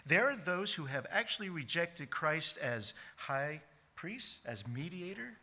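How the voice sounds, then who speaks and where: Male pastor, sermon delivery, bright edgy tone, emphatic with restarts. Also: on the high side, big pitch swings. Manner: emphatic, repeats key words slowly, frequent restarts. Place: church sanctuary.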